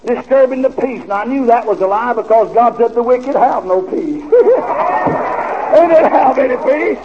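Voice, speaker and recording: A man preaching, telling a story in a folksy, animated way on a dull, old recording with faint hiss. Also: very high-pitched. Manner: folksy, animated storytelling with laughter and drawled asides. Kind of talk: storytelling sermon.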